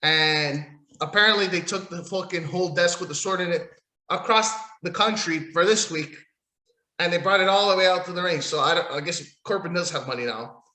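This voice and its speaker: A man's voice: high voice, fairly quick, pushed and bright. A man hosting a solo podcast, recapping in a rambling, profane, sarcastic way. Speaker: podcast host. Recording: echoey room.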